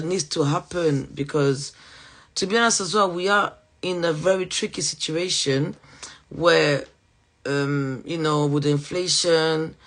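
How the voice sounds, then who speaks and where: A woman with a French accent hosts a live-streamed podcast. She is a teacher and speaks casually, with many fillers and quick apologies, in a chatty interview manner. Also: low-pitched, fairly bright tone.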